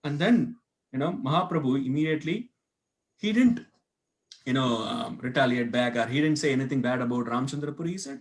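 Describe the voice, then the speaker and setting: A man's voice: medium pitch, expressive, fairly quick. A man teaching a devotional scripture class, telling a story and asking his listeners questions as he goes. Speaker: class speaker. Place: temple hall.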